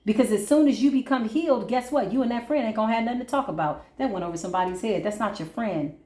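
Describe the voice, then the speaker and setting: A woman's voice: a little high, fast. Emphatic woman spiritual reader, roomy sound. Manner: emphatic, colloquial, calls listeners baby and boo; swings between preachy intensity and quiet asides. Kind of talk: casual spiritual pep talk during a card reading.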